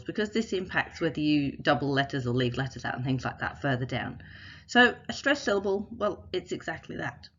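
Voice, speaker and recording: A woman teacher explaining a spelling lesson patiently, step by step, saying example words slowly and clearly. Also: deep voice, highs cut off. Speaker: literacy teacher. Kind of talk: instructional video explanation.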